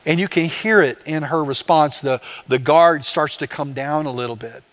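A man's voice: a little high, moderate pace, fairly bright tone. A man, a pastor, preaching a conversational sermon with rhetorical questions to the congregation.

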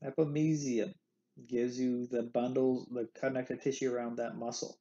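A man's voice: medium pitch, little pitch movement, normal speed, mellow, highs cut off. A man teaching an anatomy lecture in a playful way, repeating the key terms. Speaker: anatomy instructor. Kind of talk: recorded lecture.

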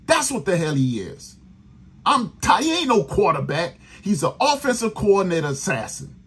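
Furious raspy New man ranting. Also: sits high, sing-song, moderate pace, fairly bright tone. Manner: profane, exasperated ranting. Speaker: sports podcast host. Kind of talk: angry fan rant.

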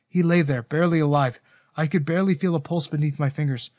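A man's voice: on the high side, steady tone, a little fast, no echo, studio quality. A man narrating a romance story in the first person, earnest and dramatic.

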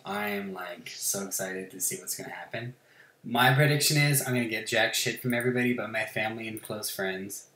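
A man's voice: on the low side, brisk, sharp tone, reverberant. A man hosting a gaming channel, chatting casually while he plays. He rambles and swears a lot, and he mocks himself. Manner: rambling, profane, self-mocking. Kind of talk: casual chat while playing a game.

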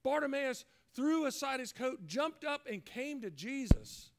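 High-voiced man preaching a sermon. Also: expressive, unhurried. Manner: earnest, acts out quoted voices. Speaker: pastor.

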